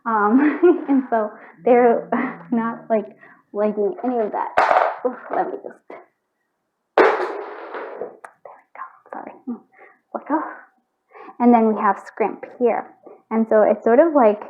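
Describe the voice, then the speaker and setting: A woman's voice: on the high side, slow pace, long pauses, a little hiss or hum. A woman giving a casual pick-a-card tarot reading from home, talking in a rambling, chatty way full of fillers. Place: at home with her cats. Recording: thin, phone-like sound.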